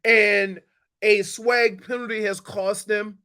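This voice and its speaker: A man's voice: high-pitched, steady tone, takes it slowly, sharp tone, clear, resonant tone. A man co-hosting sports talk radio, exasperated and teasing, often raising his voice. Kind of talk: heated sports radio debate.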